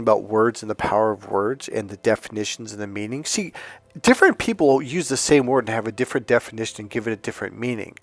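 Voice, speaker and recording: A man who coaches on dating and relationships, talking casually to his channel as an outspoken, animated storyteller. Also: mid-range voice, no room sound.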